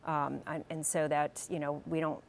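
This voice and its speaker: Friendly lady guest on a studio show, lowish voice, explains stuff simply. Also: level tone, normal speed, vocal fry, slight background noise. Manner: friendly, explains plainly, laughs often. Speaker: festival organizer guest. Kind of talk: studio interview.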